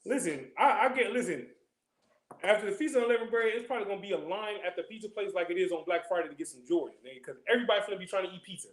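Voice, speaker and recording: Casting: high-voiced man, quick streetwise scripture class teacher, joking, echoey room. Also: animated. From California. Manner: loose, joking, streetwise slang, constant check-ins with listeners. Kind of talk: casual scripture class talk.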